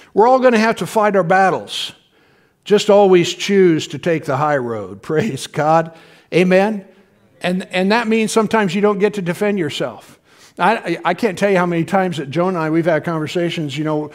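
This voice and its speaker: A middle-aged male pastor giving a sermon in a church, talking in a conversational way, often asking the congregation questions and chuckling. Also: sits high. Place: church sanctuary.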